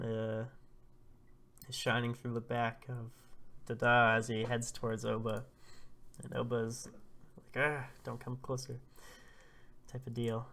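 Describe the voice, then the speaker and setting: A man hosting a casual manga read-through, excitable and laughing as he retells the chapter. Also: mid-range voice.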